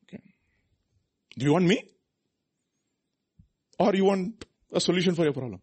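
A male preacher delivers his sermon in a husky voice. His pitch leaps and falls with lively range, loud emphatic lines giving way to quiet asides. He keeps asking the congregation rhetorical questions. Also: moderate pace, pauses often. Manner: animated, swinging from loud high emphasis to soft low asides, rhetorical questions.

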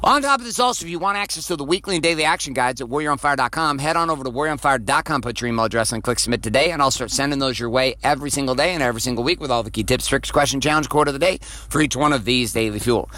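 A man's voice: medium pitch, very fast, hardly any pauses, pushed and bright. A man hosting a motivational podcast. He talks bluntly and profanely, repeats phrases for emphasis and drives his points home with rhetorical questions. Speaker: podcast host.

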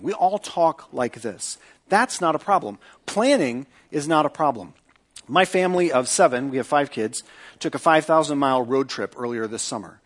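A middle-aged male pastor preaching a sermon, asking the congregation rhetorical questions and dropping to a softer voice to pray. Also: lively intonation, normal speed. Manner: acts out quoted speech with lifted pitch; prays in a softer, lower voice.

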